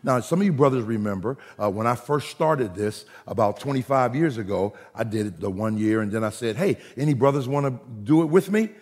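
A man preaching a sermon as pastor, animated and jokey, swinging between loud and soft. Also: medium pitch, fairly quick, few pauses. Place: church hall. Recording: reverberant hall recording.

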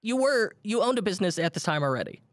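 Male interviewer, fairly high pitch, dry recording, animated delivery. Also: dry recording. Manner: animated, quick to paraphrase the guest. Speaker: podcast host. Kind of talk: conversational interview.

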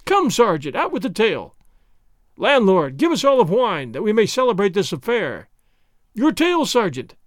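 A man's voice: high voice, huge pitch swings, moderate pace, no echo, clean studio sound, pitched above the performer's own voice. A man voicing a mild, foppish young nobleman who needles a sergeant in a mock-innocent way. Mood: needling.

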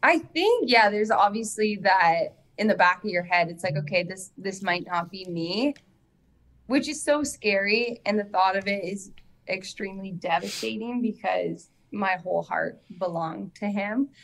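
A woman's voice: medium pitch, animated, moderate pace, vocal fry, fairly bright tone. A woman with a Canadian accent is a guest on a podcast, chatting in a cheerful way. She laughs easily and talks openly about her feelings. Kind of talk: casual chat interview.

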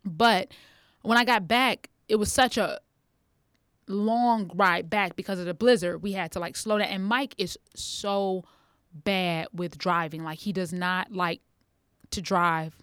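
A woman's voice: medium pitch, unhurried, clean tone, dry recording, studio quality. A woman from Chicago telling stories in casual chat, laughing often and acting out what people said. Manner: animated storytelling, acting out quotes, laughs often.

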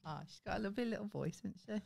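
A woman's voice: mid-range voice, racing, vocal fry, darkish tone. A woman co-hosting a comedy podcast, teasing and giggling in casual banter. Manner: teasing, giggly, does playful impressions.

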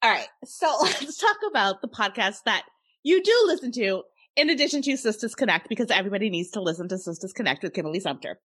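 A woman's voice: medium pitch, sing-song, fast talker, a bit bright, breathy edge, dry recording, studio quality. A woman hosting a podcast, talking with an enthusiastic, chatty manner. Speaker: podcast host. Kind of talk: casual podcast chat.

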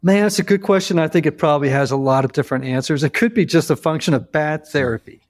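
A man in his fifties hosting a podcast interview, telling stories reflectively and slowing down to stress key lines. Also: fairly high pitch. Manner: reflective, storytelling, slows down for emphasis. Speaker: podcast host. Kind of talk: conversational interview. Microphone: video call.

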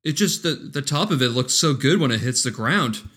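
A man's voice: mid-range voice, expressive, moderate pace, fairly bright tone, slightly rough. A man co-hosting a podcast, recapping a movie in crude, jokey casual chat and laughing often. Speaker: podcast co-host.

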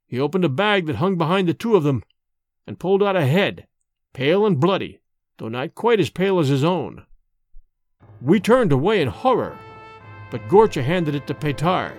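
A man narrates a dark storybook tale in a measured, dramatic way. His voice sits somewhat high and moves animatedly. Quiet music plays underneath. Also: very animated, dry recording, studio quality. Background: faint music.

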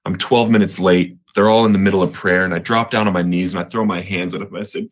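A low-voiced man from Colorado recounts getting clean during an interview, speaking quickly with few pauses and fairly even intonation. Earnest throughout, he repeats words and his voice rises when he relives moments.

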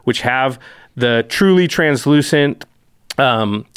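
A man's voice: medium pitch, slow, smooth, no room sound. Chatty male podcast host, dry sound. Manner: chatty and animated, with filler words. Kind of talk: casual podcast chat.

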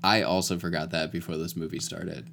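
A man's voice: deep voice, little pitch movement, a little fast, creaky, a bit bright, a little hiss or hum. A man co-hosting a casual podcast chat, talking things through analytically with many hedges. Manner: analytical, hedging with "like". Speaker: podcast co-host.

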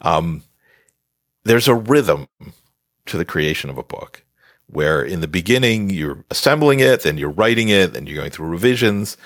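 A man's voice: low voice, lively intonation, moderate pace, no echo, clean studio sound. A man, an author guest on a podcast interview, explaining his advice emphatically and scolding playfully.

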